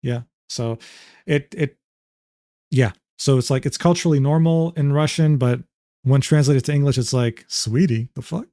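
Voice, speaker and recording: A man's voice: medium pitch, fairly even intonation, normal speed, mellow, smooth, dry recording, studio quality. A man in his twenties doing casual reaction-stream commentary, talking loosely with lots of swearing and "bro" asides. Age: 20s.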